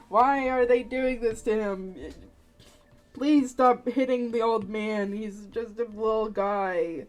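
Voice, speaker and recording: A woman streamer chatting casually on a live stream, rambling, swearing freely and laughing often. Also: medium pitch.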